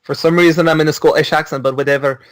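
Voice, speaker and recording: A man casually pitching a short holiday story, offhand and full of fillers. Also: steady tone, racing, dry recording, poor audio.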